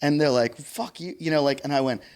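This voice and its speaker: A man's voice: mid-range voice, steady tone, quick pace, smooth. Man rambling through a wild story. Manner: rambling drunk-story telling, swears a lot. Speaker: podcast host. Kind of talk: casual comedy chat.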